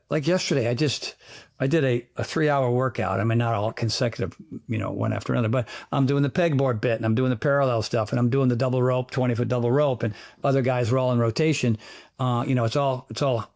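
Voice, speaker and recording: A man, a fitness trainer, chatting as an interview guest, telling animated, rambling stories peppered with sound effects. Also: medium pitch, fairly quick. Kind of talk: casual interview chat.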